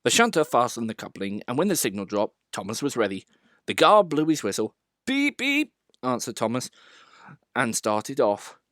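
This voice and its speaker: A man narrating a children's storybook in an expressive, animated reading voice. The recording is close and dry, with no room sound. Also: medium pitch, normal speed, no room sound.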